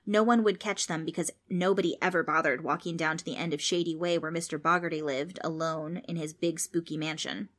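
A woman reading a children's storybook aloud as narrator, steady and expressive. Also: sits low, fairly quick, hardly any pauses.

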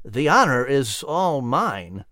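A shy young gentleman answers stiffly and modestly, as a man plays him. The voice moves through a lively pitch range and is recorded dry and close. He comes across as bookish and awkward in company. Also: takes it slowly, dry recording, full character voice. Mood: reserved. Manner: stiff, reserved. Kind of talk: storybook reading.

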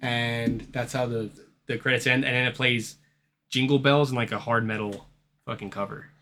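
A man's voice: medium pitch, fairly even intonation, a little fast, sharp tone, faint music behind. A man hosting a horror movie podcast, chatting in a crude, rambling way and laughing easily. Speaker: podcast host. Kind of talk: casual podcast chat.

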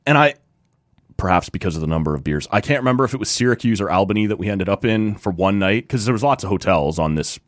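Low-voiced Canadian man telling a story. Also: fast talker, dry recording, clean studio sound. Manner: relaxed anecdotal storytelling, acts out quoted voices. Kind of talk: casual chat, storytelling.

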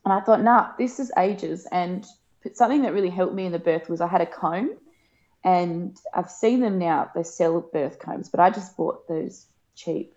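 A woman, telling a personal story in a casual chat, emotional and laughing often, acting out quoted lines in a higher voice. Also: moderate pace, mellow. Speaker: guest. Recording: dull lo-fi podcast sound.

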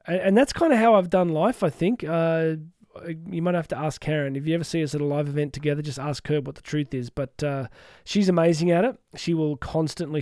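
A man's voice: on the high side, dark tone, no echo, clean studio sound. A middle-aged man hosting a solo podcast, talking earnestly and reflectively with frequent restarts and asides. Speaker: podcast host and coach.

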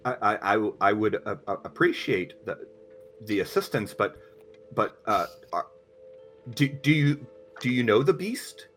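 A man's voice: fairly low pitch, lively intonation, measured pace, a bit bright, faint music behind. Man doing a stammering nervous lawyer. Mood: flustered. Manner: constant stutter and repeated words. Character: nervous stammering middle-aged male lawyer.

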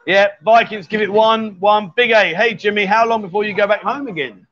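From a bar, a man with a high-sitting voice hosts a casual livestream, briskly teasing his guests with jokey banter. The audio is dull and lo-fi.

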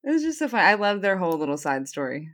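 A woman co-hosting a casual movie podcast, retelling scenes in a rambling way full of fillers and quick laughs. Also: lowish voice, very animated. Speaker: podcast co-host. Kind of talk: casual chat.

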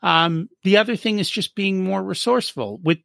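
A high, creaky male voice at normal speed belongs to a business profitability guest chatting casually in an interview. He animatedly plays out little dialogues in assorted voices while explaining money habits, and the recording is dry and studio-clean.

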